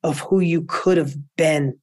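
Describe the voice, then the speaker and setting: Unhurried yet emphatic, the man appearing as an entrepreneur guest tells motivational stories during an interview, his pitch rising and falling with animation. It's a dry, close recording with no room sound.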